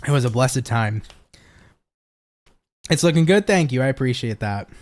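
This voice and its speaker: A man's voice: medium pitch, animated, normal speed. A young man giving a casual tarot reading from his home office, laid-back and swearing freely, with frequent laughs. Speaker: tarot reader.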